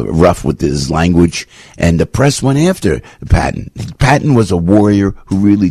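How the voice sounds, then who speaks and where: A man hosting talk radio, rambling and animated, full of restarts and jokey asides. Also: low voice, breathy edge, no echo. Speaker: radio host.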